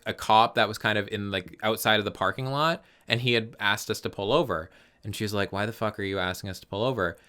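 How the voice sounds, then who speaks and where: Podcast co-host, man in his twenties, lowish voice, animated and profane storyteller. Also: clear, resonant tone. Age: 20s. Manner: animated storytelling, swears freely. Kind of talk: casual chat.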